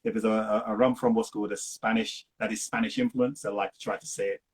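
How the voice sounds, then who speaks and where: A man's voice: on the low side, fairly even intonation, fast talker, slightly rough. A man from the United Kingdom answering as an interview guest, easygoing and chatty with lots of fillers. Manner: easygoing, laughs often, many fillers. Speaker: interview guest, rum ambassador.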